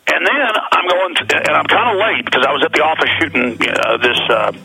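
A man's voice: fairly high pitch, fairly quick, vocal fry, pushed and bright, slightly rough, dry recording, low-quality recording. A man with a Texan accent hosting a talk radio show over the phone from the road, rambling emphatically with many restarts. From Texas. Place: on the road, away from the studio.

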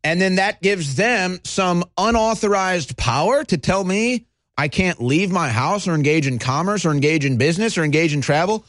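A man hosting a heated ranting monologue, talking fast and animated, sighing and mocking others in put-on voices. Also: sits high, dry recording, studio quality. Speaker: host.

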